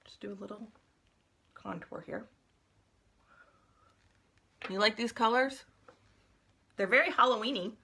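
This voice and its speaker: A woman's voice: fairly high pitch, measured pace, vocal fry, pauses often, pushed and bright, slightly rough. A middle-aged woman chatting casually with her viewers during a live makeup tutorial, talking them through each step. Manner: chatty, talks to viewers while applying makeup. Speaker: makeup vlogger.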